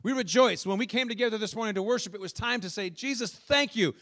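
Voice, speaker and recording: Male pastor, high voice, lively storytelling sermon with questions to the congregation. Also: racing. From northern United States. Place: church.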